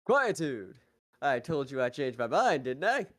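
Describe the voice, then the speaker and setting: A man's voice: medium pitch, big pitch swings, a little slow, fairly bright tone. A man voicing a pompous, smug villainous businessman with a put-on British accent, in a fan voice-over of a game. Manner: grandiose, smug, theatrical.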